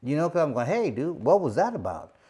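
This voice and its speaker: Talking fairly quickly with a breathy edge, a middle-aged former boxing champion turned host tells a relaxed, chatty story. His voice sits a little above typical male pitch, and he leans on repeated fillers while animatedly acting out quoted voices.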